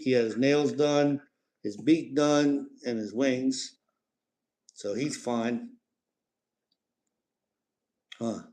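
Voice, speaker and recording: A man's voice: mid-range voice, a little mellow. Chatty man, middle-aged. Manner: chatty and rambling, breaks off to coax his parrot. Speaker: parrot owner hosting a live stream. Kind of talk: casual live-stream chat.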